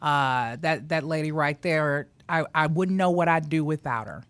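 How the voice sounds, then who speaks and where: A woman's voice: deep voice, normal speed, dry recording. A woman hosting a radio show in casual, playful chat, teasing her co-host and laughing easily. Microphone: studio microphone.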